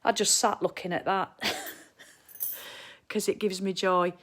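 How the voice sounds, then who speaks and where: A woman's voice: mid-range voice, little pitch movement, measured pace, a bit bright. A middle-aged woman, chatting cheerfully and bluntly to viewers while hosting a live stream from her living room at home. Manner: chatty, cheerful and blunt, with mild swearing and laughs. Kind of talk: casual live chat.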